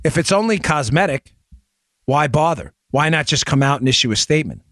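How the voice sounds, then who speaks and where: High-voiced, emphatic male talk host. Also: expressive, fairly bright tone, dry recording, studio quality. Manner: rapid, emphatic, addresses listeners directly. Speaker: show host. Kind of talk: opinion talk show monologue.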